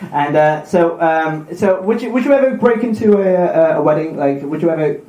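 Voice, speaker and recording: A man with a high, lively voice narrates a myth before a live audience, tripping over words and laughing his way through restarts. The room is echoey, with a faint crowd hum behind him. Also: normal speed. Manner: stumbling, giggly, lots of restarts. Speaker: podcast host and narrator. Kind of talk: live comedic mythology retelling. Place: live event venue.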